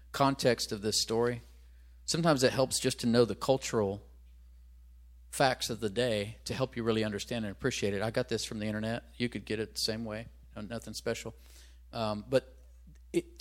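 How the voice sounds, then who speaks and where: Man preaching a conversational sermon. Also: mid-range voice. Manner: conversational preaching with rhetorical questions; searches aloud for references, restarts. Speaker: pastor.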